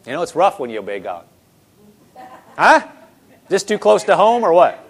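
High-voiced emphatic man preaching. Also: sing-song, moderate pace, slightly rough. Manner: emphatic, rhetorical questions to the congregation; repeats words for emphasis. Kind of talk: sermon.

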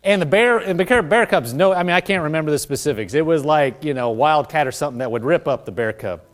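A man's voice: a little high, fast. A man preaching a sermon, calling on the congregation to repeat after him, with a conversational manner full of asides. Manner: lively preaching with call-and-response. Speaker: pastor.

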